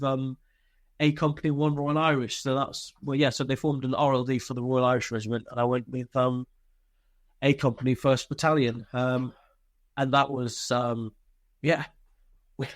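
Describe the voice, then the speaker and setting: A man's voice: mid-range voice, dry recording, studio quality. A male army veteran from Britain telling swearing, laughter-filled war stories in a casual interview.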